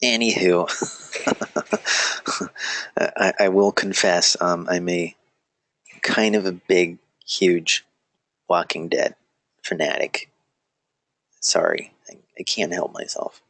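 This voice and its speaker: Low, gravelly man teaching casually. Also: slow, pauses often, a bit bright, no echo. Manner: rambling, self-deprecating, frequent restarts and digressions. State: feeling a little weak. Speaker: online class instructor. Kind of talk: casual live lecture.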